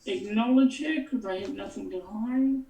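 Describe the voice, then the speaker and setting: A woman's voice: medium pitch, normal speed, dark tone. A woman playing a character in a tabletop role-play, speaking casually. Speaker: player. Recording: echoey, distant mic.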